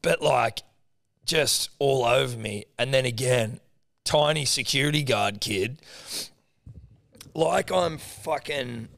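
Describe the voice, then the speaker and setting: A man's voice: mid-range voice, creaky, a bit bright, no echo. A young man retelling a story in a casual podcast chat, laid-back and swearing often. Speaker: podcast co-host.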